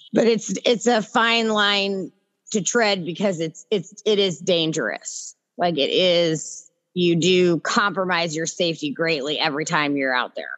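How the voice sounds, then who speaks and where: A woman's voice: fairly low pitch, fairly bright tone. A woman guest, talking bluntly and with a lot of swearing about organizing her neighborhood. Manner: blunt and profane, storytelling. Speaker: guest, mutual aid organizer. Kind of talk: casual conversation.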